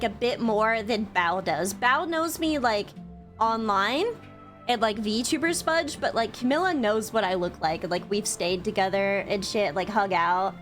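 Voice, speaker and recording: A young woman streamer chatting with her viewers about a convention, bubbly and quick to swear, with lots of "like". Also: a little high. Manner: bubbly storytelling, swears freely, frequent "like". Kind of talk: casual chat to stream viewers.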